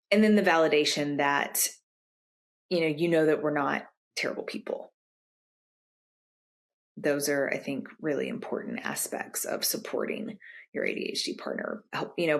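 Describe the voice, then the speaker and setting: Speaking as a podcast's guest coach, a young woman with a low-pitched voice and vocal fry gives long, casual, conversational answers. She is animated, raising her pitch to act out lines every time she quotes a friend or partner.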